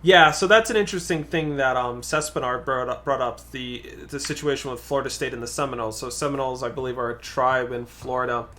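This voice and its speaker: A man's voice: mid-range voice, fairly even intonation, fast talker, few pauses, pushed and bright. A man, a guest co-player, chatting casually and thinking aloud while commenting on a card game.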